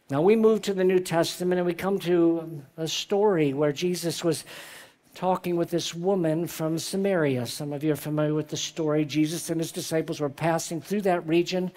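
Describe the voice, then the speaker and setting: Man, pastor, church sermon, fairly high voice, rhetorical questions, scripture reading. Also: a little mellow. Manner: reads scripture aloud.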